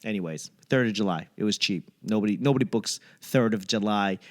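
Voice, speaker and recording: A man's voice: fairly low pitch, brisk. A man from the United States, a comedian and podcast host, rambling through a solo monologue full of profane, ranting tangents and comic asides.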